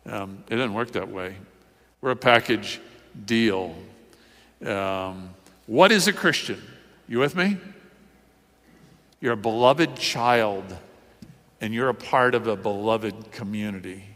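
A man's voice: lowish voice, slow, pauses often, a bit bright, big-room sound. A male pastor preaching a sermon in a loose, conversational way, full of fillers and questions to the congregation.

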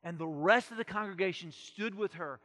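A man preaching a sermon with great passion, moving between loud urgent passages and hushed quiet ones. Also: high-pitched, normal speed. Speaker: pastor. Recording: long hall reverb.

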